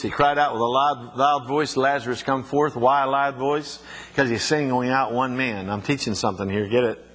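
A man's voice: medium pitch, a bit bright, husky. A man preaching a sermon, mixing folksy stories with emphatic scripture reading. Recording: reverberant hall.

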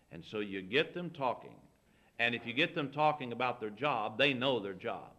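A middle-aged preacher with a bright, forceful tone talks in a homespun, storytelling way. He slips into little acted-out exchanges while giving practical advice from the pulpit. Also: lowish voice, gravelly. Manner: folksy, anecdotal, acts out quoted dialogue. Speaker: pastor teaching visitation. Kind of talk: folksy sermon talk.

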